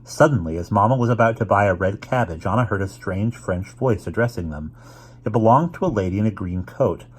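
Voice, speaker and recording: Deep husky man reading a storybook. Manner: steady, unhurried reading with small restarts. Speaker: reader. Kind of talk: reading a children's novel aloud.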